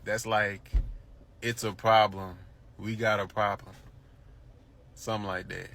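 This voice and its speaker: A man's voice: on the low side, flat delivery, moderate pace, vocal fry, sharp tone, reverberant, slight background noise. A man chatting casually and with amusement, laughing at himself as he tries out phrases. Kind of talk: casual chat.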